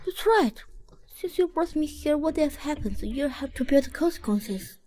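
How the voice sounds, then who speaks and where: A woman dubbing a drama role as a tipsy, sharp-tongued young woman with a slurred, drowsy delivery. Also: sits high, sing-song, slow pace, full character voice. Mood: flustered. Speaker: heroine. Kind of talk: dubbed drama acting.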